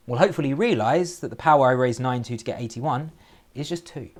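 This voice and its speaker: A man teaching a recorded maths lesson, explaining step by step and checking in with "okay?" after nearly every sentence. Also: a little high. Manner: lively, shifting emphasis, slows down to spell out key phrases.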